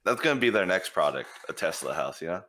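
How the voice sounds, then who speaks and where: A man's voice: deep voice, very animated, fast, a crowd in the background. A man co-hosting a casual podcast, tossing in joking, playful asides. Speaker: podcast co-host.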